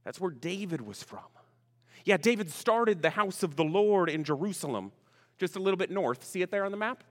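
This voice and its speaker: Chatty pastor guy with a high voice, preaching in a church hall, big echo. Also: expressive, moderate pace. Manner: chatty, greets online viewers by name; asks the congregation questions. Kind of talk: sermon. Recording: long reverb of a large room.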